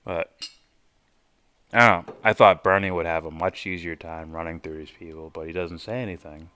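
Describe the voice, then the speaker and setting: Deep-voiced man hosting a live stream. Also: fairly even intonation, normal speed, clean tone. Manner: loose, profane, thinking out loud. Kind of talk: casual live reaction, reading chat aloud.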